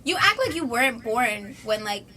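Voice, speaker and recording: A young woman with a fairly high, bright voice talks in a loose, animated way with friends, often breaking off mid-sentence and laughing easily. A faint hiss of background noise runs under her voice. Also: normal speed. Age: young adult. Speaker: podcast co-host. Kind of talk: casual group chat.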